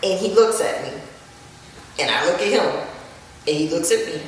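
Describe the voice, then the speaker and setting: A woman, a podcast guest telling her story in lively, emphatic casual chat. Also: fairly low pitch, moderate pace, slight background noise. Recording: echoey room, distant mic.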